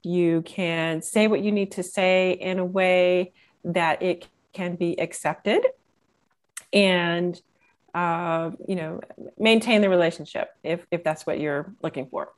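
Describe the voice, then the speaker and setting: Guest coach, female, slow unhurried delivery, reflective and measured. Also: lowish voice, fairly even intonation. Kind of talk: interview answers.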